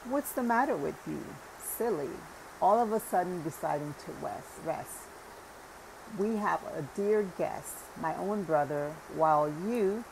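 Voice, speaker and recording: A fussing, eager old man who bustles to please his guest, speaking slowly with a gravelly edge, as a woman reads him aloud. He sits a little higher than the narrator's own low voice. It plays as a character in a storybook. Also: expressive, noisy background. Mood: calling out. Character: eager hospitable old man, younger brother.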